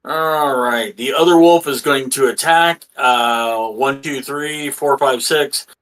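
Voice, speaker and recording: A man's voice: mid-range voice, a bit bright, low-quality recording. Casual swearing man running a tabletop game. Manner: casual, swearing, halting with fillers. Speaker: game master.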